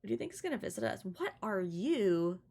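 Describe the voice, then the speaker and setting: A woman's voice: mid-range voice, sing-song, brisk, a little mellow, a little hiss or hum. A young woman giving casual, giggly let's-play commentary as she plays a video game. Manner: chatty, giggly, playful. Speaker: gaming streamer.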